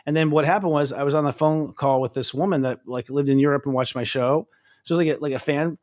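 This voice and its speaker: Fast excitable guy hosting a chat, higher voice, rambles with lots of fillers. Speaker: astrologer host. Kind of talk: casual interview chat.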